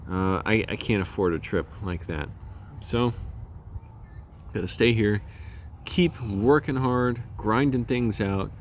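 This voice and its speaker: A man's voice: fairly low pitch, slow pace, long pauses, a little hiss or hum. A man vlogging outdoors while he walks, rambling in a chatty way and laughing at himself. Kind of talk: casual vlog monologue. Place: outdoors walking around a complex.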